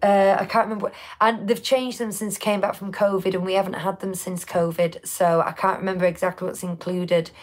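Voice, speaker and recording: A woman's voice: medium pitch, level tone, a little fast, hardly any pauses. A woman co-hosting a casual live show, chatting in a rambling way with many restarts. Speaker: podcast co-host. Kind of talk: casual live-stream chat.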